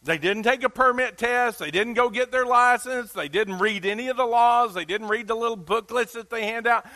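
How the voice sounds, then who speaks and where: A man's voice: very high voice, moderate pace, sharp tone. A man with a Southern US accent preaching a sermon in an emphatic, folksy way, asking his listeners questions.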